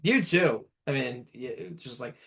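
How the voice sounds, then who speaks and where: Animated guitarist telling studio stories. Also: male voice, medium pitch, moderate pace, creaky. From United States. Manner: animated storyteller, often acting out quotes in raised voices. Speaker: guitarist in a guest band. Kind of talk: casual interview chat.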